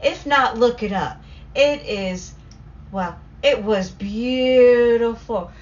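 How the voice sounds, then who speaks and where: Chatty Southern woman rambling on a livestream. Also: on the high side. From Southern United States. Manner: rambling and excitable, talks in quick bursts. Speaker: livestream host reading chat comments. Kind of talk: casual story time chat. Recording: slightly dull lo-fi stream audio with faint noise.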